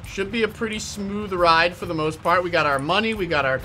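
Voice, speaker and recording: A young man giving excited, jokey gameplay commentary as a YouTuber, often shouting when things go wrong. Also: high voice, moderate pace, hardly any pauses. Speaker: gaming YouTuber.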